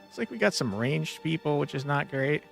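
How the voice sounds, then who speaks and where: A man's voice: fairly high pitch, lively intonation, normal speed, vocal fry. A young man streaming a tactics game, chatting casually and swearing playfully, with bursts of mock outrage. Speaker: gaming streamer. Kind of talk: casual gameplay commentary. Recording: faint background game music.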